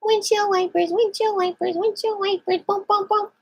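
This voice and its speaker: A woman putting on a very high, squeaky baby-talk voice that coos at a pet cat. The tone stays soft and mellow, with no edge to it. It is doting, sing-song cat talk. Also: fairly even intonation, moderate pace. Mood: cooing. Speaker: pet owner.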